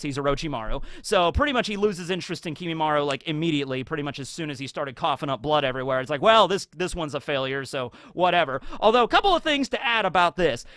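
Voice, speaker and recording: A man with a high, bright voice delivers a casual anime commentary monologue as host of his channel. He is excitable and keeps tagging his points with "okay?". The sound is dry and close, with no room around it. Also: dry recording. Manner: excitable, tags sentences with "okay?". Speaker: YouTube host.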